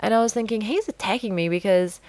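A woman's voice: medium pitch, fast talker, darkish tone, dry recording. A burnt-out woman talking casually to camera, rambling and self-deprecating, acting out little conversations in quoted voices. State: tired, burnt out. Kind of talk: casual vlog monologue.

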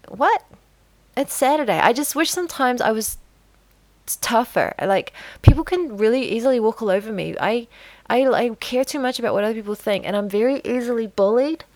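A woman's voice: on the high side, expressive, brisk, no room sound. A burnt-out woman talking casually to camera, rambling and self-deprecating, acting out little conversations in quoted voices. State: tired, burnt out. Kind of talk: casual vlog monologue.

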